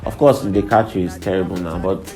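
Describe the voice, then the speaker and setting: A man's voice: deep voice, fast talker, a little mellow. A young man hosting a profane, irreverent comedic monologue, laughing between lines. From Nigeria. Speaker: host. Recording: faint background music.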